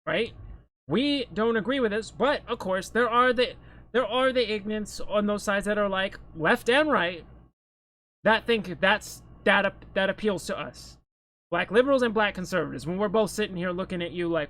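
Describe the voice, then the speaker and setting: A man's voice: sits high, moderate pace, a bit bright. A man giving blunt, scornful opinion commentary to camera, swearing freely.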